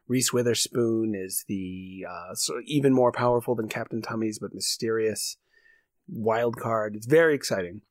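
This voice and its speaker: A man's voice: fairly low pitch, no room sound, studio quality. A man co-hosting a podcast, telling an improvised comedy story in a rambling, laughing way. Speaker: podcast co-host.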